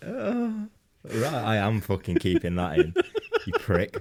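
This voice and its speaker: A man's voice: on the low side, huge pitch swings, a little slow, a little mellow. A man co-hosting a comedy podcast, telling a rambling anecdote in casual banter, laughing often and swearing freely. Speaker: podcast co-host.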